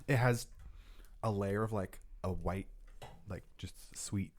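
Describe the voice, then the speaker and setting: A man's voice: lowish voice, takes it slowly, slight background noise. A man hosting a podcast in casual chat, rambling and leaning on filler words. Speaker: podcast host.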